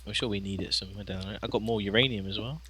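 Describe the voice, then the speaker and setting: A man co-playing a let's play, talking casually with frequent laughs and lots of halting fillers. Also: on the low side, steady tone, pushed and bright, slight background noise. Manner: chatty, laughs often, halting with many fillers. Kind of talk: casual gameplay chat.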